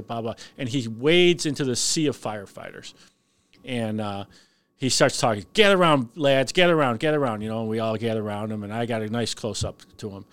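A man, a firefighter from the Chicago area, telling a long, profane story in casual chat and shouting out the lines he quotes. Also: medium pitch. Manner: animated, profane, shouts when quoting. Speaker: retired firefighter guest.

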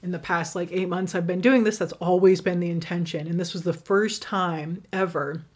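A woman's voice: on the low side, fairly even intonation, moderate pace. Candid rambling woman telling a story. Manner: candid, rambling, swears freely, many fillers. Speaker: podcast host and rideshare driver. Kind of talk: casual personal storytelling.

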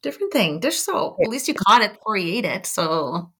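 A woman's voice: mid-range voice, big pitch swings, fairly quick, a bit bright, breathy edge. A middle-aged woman taking over a podcast as interviewer, chatting in a friendly, upbeat way. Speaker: guest interviewer. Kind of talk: casual chat.

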